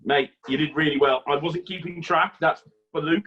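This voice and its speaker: A man with a fairly high voice hosts a casual interview, hesitating and laughing between questions. The recording sounds slightly dull, as if the top end has been cut off. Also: steady tone, moderate pace. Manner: hesitant, laughs often, friendly. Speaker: interviewer host.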